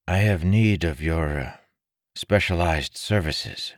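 A man's voice: low-pitched, takes it slowly, dry recording, studio quality, pitched above the performer's own voice. A man voicing an earnest young male adventurer who talks with insistent confidence. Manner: insistent, confident, a little conspiratorial.

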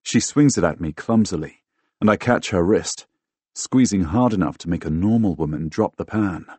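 A man narrating a first-person fantasy audiobook in a dramatic, expressive way, recorded close on a studio microphone. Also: deep voice, moderate pace, slightly rough, dry recording. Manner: dramatic, expressive, bursts into loud shouts in dialogue.

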